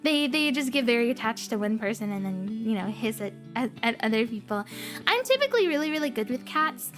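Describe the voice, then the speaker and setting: A high-pitched woman streams a casual chat, bubbly and rambling in a playful way. Her talk drifts easily from one thing to the next, light and upbeat. Quiet background music sits faintly under her voice. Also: very animated, a little fast.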